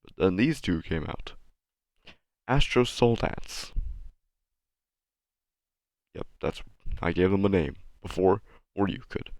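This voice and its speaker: A young man with a low voice rambles through a casual, self-mocking video commentary, a little sick with the odd cough. The sound is dry and close, with no room echo. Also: moderate pace, few pauses, darkish tone. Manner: self-deprecating, rambling, sarcastic. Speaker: channel host. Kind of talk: casual rambling commentary over his animation.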